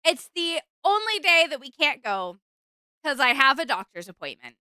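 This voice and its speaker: A young woman streamer chatting casually with her viewers, rambling and animated. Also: high-pitched, normal speed, no room sound. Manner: chatty, rambling, animated, with fillers and bursts of exasperation.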